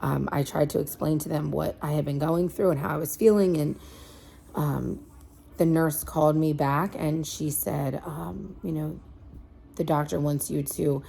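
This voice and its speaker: A woman in her thirties, a mom sharing a personal story in a candid, halting way, with many fillers and restarts. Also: low-pitched, vocal fry, mellow, husky. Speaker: mom vlogger. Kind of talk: personal confessional chat.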